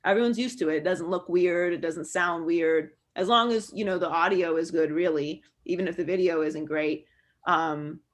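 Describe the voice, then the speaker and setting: A woman sports broadcaster candidly answering student questions over a video call, relaxed and full of fillers. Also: on the low side, moderate pace.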